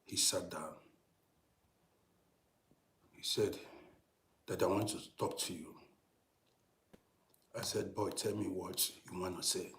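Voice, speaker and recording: A middle-aged man telling a personal story in a casual monologue, dropping to hushed whispers and rising to loud, emphatic bursts, often repeating and restarting phrases. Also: sits low, steady tone, takes it slowly, creaky, long pauses, roomy sound. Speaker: storytelling channel host.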